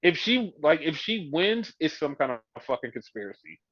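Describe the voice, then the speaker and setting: A man's voice: a little high, sing-song, moderate pace, fairly bright tone, dry recording, dull audio. A man co-hosting a podcast, ranting with exasperation about a wrestling show and swearing freely. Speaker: podcast co-host. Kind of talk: casual wrestling review chat.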